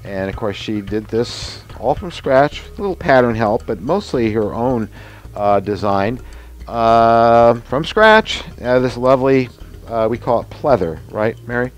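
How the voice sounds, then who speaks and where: A man's voice: mid-range voice, unhurried, darkish tone. A man in his sixties hosting a casual workshop demonstration, explaining his mask and costume work in a rambling, chatty way full of fillers and asides. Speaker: show host and special-effects mask maker.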